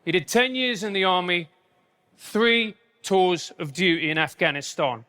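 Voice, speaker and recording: English stand-up comic, high and bright, punchy self-mockery. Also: male voice, smooth. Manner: punchy, self-mocking delivery with quick asides. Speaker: stand-up comedian. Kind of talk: live stand-up comedy.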